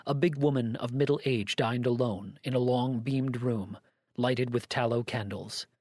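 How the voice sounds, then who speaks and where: In scripted narration of a classic story, a man reads at a middle pitch with a calm, even delivery. The sound is close-miked and dry, carrying no trace of the room.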